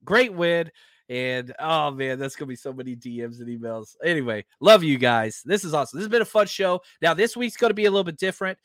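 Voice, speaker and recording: A man hosting a casual sports podcast, his voice sitting a little high for a man. He rants with heat and some profanity, swinging from loud bursts down to quiet muttered asides. The sound is dry and close, with no room around it. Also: fairly quick, no room sound. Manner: heated, profane, swings between loud outbursts and low asides. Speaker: podcast host.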